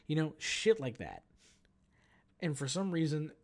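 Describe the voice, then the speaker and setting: Casting: man in his twenties, solo podcast host, lively swearing storyteller with a voice that rises and falls widely. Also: a little high, a little slow. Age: 20s. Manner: animated, profane, jumps between mumbling and shouting. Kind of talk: casual storytelling rant.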